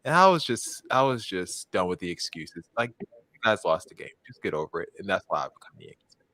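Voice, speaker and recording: A man from Baltimore co-hosting a casual podcast, ranting with plenty of swearing and quick self-corrections. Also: sits low, sing-song, bright, forceful tone, dry recording. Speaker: podcast co-host. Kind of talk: casual chat.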